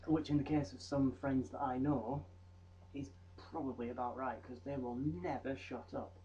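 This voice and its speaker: A man's voice: mid-range voice, fairly even intonation, moderate pace, dark tone, lo-fi sound, slight background noise. A young man presenting trivia in a rambling, jokey vlog with mock-voice asides. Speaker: vlogger. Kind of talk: comedic fact vlog.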